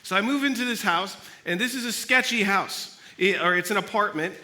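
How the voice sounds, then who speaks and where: A young man from Los Angeles speaking at a student church gathering, telling a personal story in a casual, animated way and acting out what people said. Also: high voice, brisk. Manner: casual, animated storytelling that acts out quoted voices. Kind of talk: storytelling sermon.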